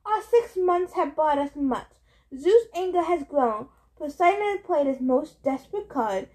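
A woman's voice: sits high, expressive, measured pace, a little mellow, voice pushed up, rough recording. A woman voicing a cold, evil male monster speaking from a pit, scornful and commanding.

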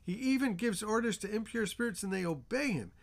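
This is an amazed crowd exclaiming to one another, read aloud by a male Bible teacher. The voice is slightly high and gravelly. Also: lively intonation, fairly quick. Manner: astonished exclaiming. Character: amazed synagogue crowd of men.

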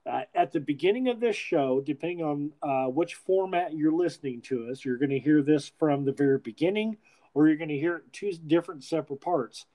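A man chatting casually as a podcast host, wandering through his thoughts with plenty of restarts. He swears freely, and his voice sits somewhat high for a man. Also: animated, a little fast, dark tone, low-quality recording. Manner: rambling, profane, frequent restarts. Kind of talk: casual chat.

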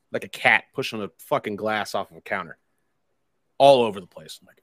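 A man's voice: fairly low pitch, brisk, dry recording, clean studio sound. A man casually telling a long, rambling anecdote, swearing freely and wry about it. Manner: profane, rambling, wry storytelling with quoted dialogue.

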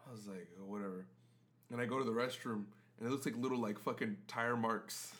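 A man's voice: mid-range voice, steady tone, quick pace, a bit bright. A man co-hosting a podcast in casual chat, telling crude, profane stories and breaking into laughter. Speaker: podcast co-host.

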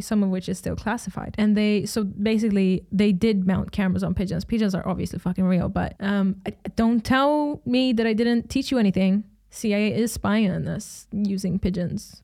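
A young woman with a Swedish accent, hoarse from screaming, chatting casually as a host, swearing often and flaring into animated outbursts. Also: mid-range voice. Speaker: podcast host. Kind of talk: casual chat.

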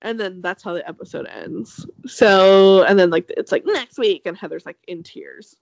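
A young woman co-hosting a casual chat, talking fast and loose, laughing often and acting out quotes. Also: creaky, a little mellow, no echo, muffled recording. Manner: chatty, laughs often, acts out quotes with big pitch jumps. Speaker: podcast co-host. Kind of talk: casual chat recapping a reality show.

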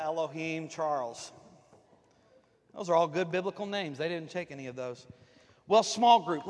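Man, pastor, high-pitched, folksy and joking in his sermon, church hall with a long echo. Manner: folksy, joking, talks to the congregation. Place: church sanctuary, on the platform.

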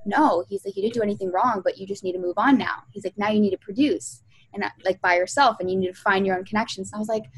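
A woman's voice: mid-range voice, fairly even intonation, fast talker, slightly rough, poor audio. Young woman, chatty storyteller, casual interview guest, lots of likes and ums. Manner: chatty storyteller, many fillers, acts out quotes. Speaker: guest, music video producer.

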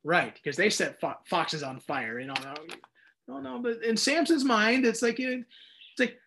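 High-voiced man teaching a Bible study. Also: lively intonation, moderate pace, a bit bright, slightly rough. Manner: conversational, self-deprecating, with frequent restarts. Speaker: pastor.

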